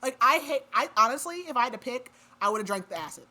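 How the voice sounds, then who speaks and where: A woman's voice: fairly high pitch, expressive, quick pace, sharp tone. A woman recapping a book plot on a podcast in a casual, chatty way, with lots of "like" fillers. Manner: chatty retelling full of "like" fillers. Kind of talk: casual chat.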